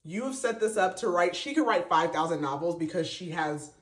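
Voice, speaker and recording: A man's voice: high voice, lively intonation, a little fast. A man hosting a podcast, giving a casual, emotional book review full of fillers and restarts. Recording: roomy echo.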